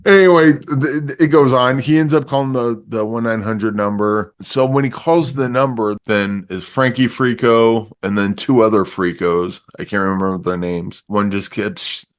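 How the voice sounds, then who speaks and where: A man talking through a movie review in loose, rambling chat. His voice sits a little low, and he laughs a lot while he acts out scenes in quick voices. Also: fairly even intonation. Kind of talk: casual chat.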